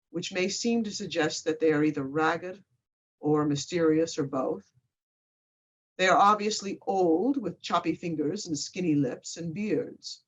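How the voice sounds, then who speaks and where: A woman professor giving a pre-show lecture, with dry, wry asides. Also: on the low side. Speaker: literature professor. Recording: slightly muffled lo-fi recording.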